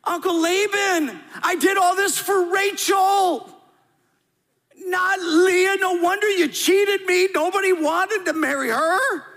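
A man voicing a whiny young man who shouts that he was cheated. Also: very high-pitched, fairly even intonation, slow pace, in a large hall, pitched above the performer's own voice, exaggerated voice. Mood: whining.

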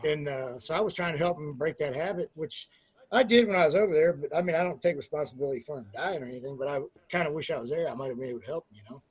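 Husky, a little high, and racing along, this man is a middle-aged ex-pro wrestler being interviewed casually. His locker-room stories are full of swearing; he acts out the quotes animatedly, trailing off on fillers and restarting sentences.

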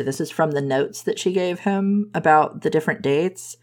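A woman's voice: low voice, normal speed. A woman casually retelling a romance novel's plot, laughing often and playfully quoting the characters. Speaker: book reviewer recapping a romance novel.

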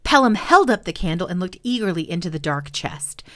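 A woman storyteller reading an old children's story aloud, expressive and animated. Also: lowish voice, a little fast.

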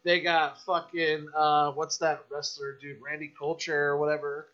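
A man guesting on a podcast, telling a story in a casual, animated, profane rant. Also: on the high side, normal speed, dull audio.

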